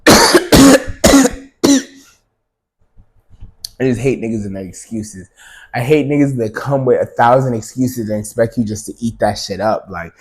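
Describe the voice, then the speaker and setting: A man in the middle of a solo podcast rant, with a pitch neither high nor low for a man. He talks bluntly and swears freely. He stacks filler words and restarts, then jumps up sharply when he drives a point home. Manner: blunt, profane, filler-heavy with sudden emphatic rises. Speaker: podcast host.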